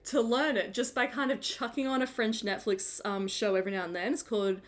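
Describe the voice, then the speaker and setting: A giggly woman co-hosting a laid-back podcast chat. Her voice sits a little on the high side, and she keeps laughing at herself as she tells her stories. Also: steady tone, a little fast. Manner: giggly, self-mocking storyteller. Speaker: podcast co-host. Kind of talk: casual chat.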